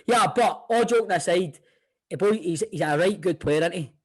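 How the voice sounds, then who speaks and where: A man's voice: sits high, moderate pace, husky. A Scottish man hosting a football podcast, bantering, swearing and laughing easily with the guest. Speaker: podcast host. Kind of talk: casual podcast chat.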